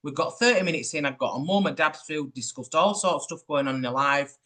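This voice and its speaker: A man, a spiritual medium chatting in an interview and telling his stories in a lively, rambling way. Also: a little high, fast, few pauses. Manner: chatty, animated storytelling with asides. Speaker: spiritual medium, podcast host. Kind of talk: casual chat.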